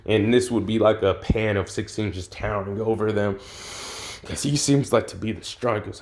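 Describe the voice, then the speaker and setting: A man's voice: on the low side, steady tone, moderate pace, darkish tone. A young man casually narrating a fan-made cartoon story, laid-back and slangy, swearing and trailing off with ums.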